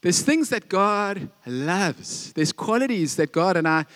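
Middle-aged male pastor, slightly high voice, loose chatty sermon full of ums and jokes. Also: lively intonation, slow pace, fairly bright tone. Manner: conversational, joking, with many fillers and restarts.

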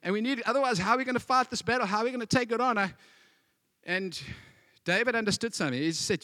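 A man preaching a sermon in a lively way, acting out scenes and quotes as he goes. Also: very high-pitched, quick pace, no room sound, studio quality. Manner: animated, acts out scenes with voices. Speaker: pastor.

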